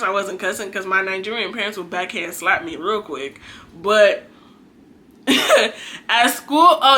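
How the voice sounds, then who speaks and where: A young adult woman, a faith vlogger, talks in a medium-pitched voice with a sharp tone. It's a casual, preachy monologue for her viewers, earnest and chatty, exhorting yet conversational.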